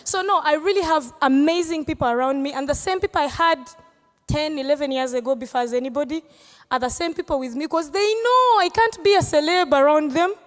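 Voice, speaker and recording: A woman's voice: high voice, fairly quick, long reverb tail. A woman comedian from Uganda, answering audience questions live in a playful, teasing way. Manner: playful, teasing, laughs often.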